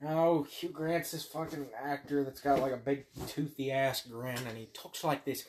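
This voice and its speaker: A man's voice: mid-range voice, steady tone, normal speed, a little mellow, a little hiss or hum. A young man co-hosting a podcast, casual banter full of crude teasing and swearing. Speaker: podcast co-host.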